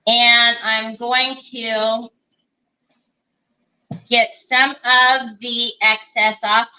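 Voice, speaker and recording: A woman's voice: a little high, level tone, very slow, pushed and bright, poor audio. A woman hosting a live crafting demonstration, chatting and thinking aloud as she works and greeting viewers by name. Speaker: craft livestream host.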